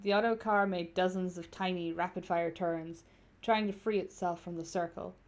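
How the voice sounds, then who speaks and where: A woman's voice: fairly low pitch, fairly even intonation, moderate pace. A young adult woman streaming a story game, reading narration aloud and chatting casually with viewers, cursing freely. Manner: casual, swears freely, chats with viewers between passages.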